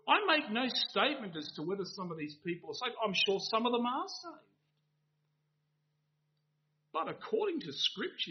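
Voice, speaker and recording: A man preaching an evening sermon in an earnest manner, building to emphatic rhetorical questions. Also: sits high. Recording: dull lo-fi recording.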